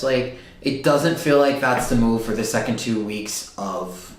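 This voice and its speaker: A man's voice: medium pitch, a little slow, distant mic. A man giving a casual astrology reading, loose and emphatic, often checking in with "okay?". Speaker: tarot reader. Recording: very echoey room, voice set back from the mic.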